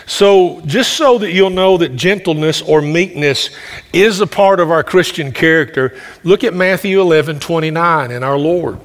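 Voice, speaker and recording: Preacher guy, loud booming voice, kinda high pitched, lots of restarts, long church hall echo. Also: moderate pace. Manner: folksy storytelling with frequent restarts; loud, carrying voice. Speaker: pastor. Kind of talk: sermon.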